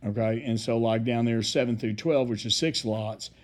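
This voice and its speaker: A man giving a rambling report at a city council meeting, halting with many fillers. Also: medium pitch, fairly even intonation.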